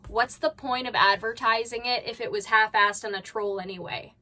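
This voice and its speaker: A woman's voice: a little high, fairly even intonation, moderate pace, bright, forceful tone. A woman hosting a reaction channel, giving blunt, critical commentary with sarcastic asides from home.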